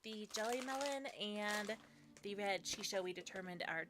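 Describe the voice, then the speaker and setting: A woman's voice: medium pitch, moderate pace. Giggly chatty woman streamer, noisy room. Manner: chatty and giggly, baby-talks her dog. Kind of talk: casual live-stream chat.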